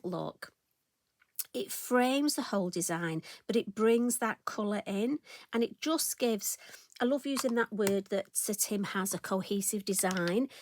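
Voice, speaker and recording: A middle-aged woman hosts a craft tutorial, talking chattily to her viewers as she stamps a card. Her manner is friendly and self-deprecating, with a voice of ordinary pitch for a woman. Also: a little mellow, slight background noise.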